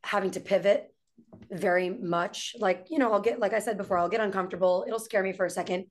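This woman speaks at a middle pitch, neither high nor low. She is a guest on a conversational podcast and tells her stories with animated energy, filling her sentences with "like" as she goes. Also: brisk. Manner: animated storyteller with frequent "like". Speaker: podcast guest, entrepreneur and singer. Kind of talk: casual conversation.

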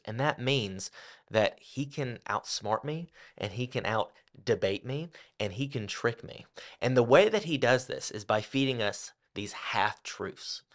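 A man co-hosting a Bible teaching podcast, explaining casually and peppering his speech with "like". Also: medium pitch. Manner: casual explaining with many "like" fillers. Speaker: podcast co-host.

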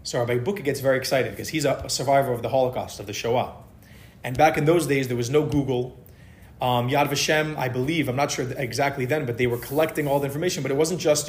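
A man telling a story to a live audience in a casual, conversational way, acting out the dialogue of the people in it. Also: medium pitch. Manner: conversational, animated, acts out dialogue. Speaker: speaker giving a holiday talk. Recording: echoey room.

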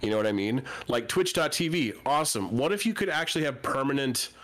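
A man's voice: mid-range voice, animated, quick pace, fairly bright tone. A man co-hosting a podcast in casual chat, rambling and searching for words, swearing freely. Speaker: podcast co-host.

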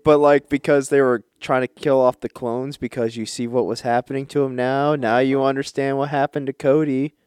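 A man hosting a casual podcast chat, retelling stories in an animated, slangy way. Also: mid-range voice, normal speed, few pauses, clear, resonant tone, no echo, clean studio sound. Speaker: podcast host.

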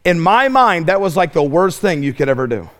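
A middle-aged man preaching a fiery camp sermon, impassioned, telling comic stories and shouting at the peaks. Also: a little high, sing-song, a little fast. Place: camp meeting room.

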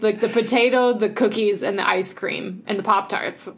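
A woman's voice: mid-range voice, fairly even intonation, moderate pace, a bit bright. Chatty woman podcast co-host. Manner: chatty, many fillers, laughs often. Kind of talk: casual chat.

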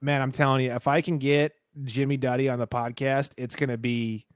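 A man hosting a podcast in casual chat, telling stories excitedly and swearing freely. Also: mid-range voice, a little fast, dry recording, clean studio sound. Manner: swears a lot, excitable storytelling, does impressions. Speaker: podcast host.

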